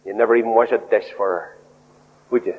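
A man preaching a sermon in an animated way. He swings his pitch up and down, acts out quoted voices and drops in humorous asides. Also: a little fast, breathy edge. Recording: dull lo-fi recording in a reverberant hall.

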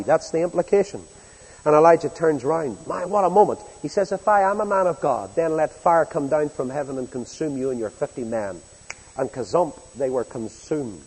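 A man preaching a sermon in a folksy storytelling way, acting out the speakers in the story with big swings in loudness. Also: fairly high pitch, moderate pace, husky, long reverb tail, low-quality recording.

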